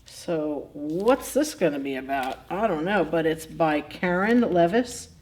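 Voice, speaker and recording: A woman's voice: low voice, expressive, a little slow, a little mellow. A woman, a children's librarian, reading picture books at library story time and chatting animatedly with the children, often laughing. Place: public library.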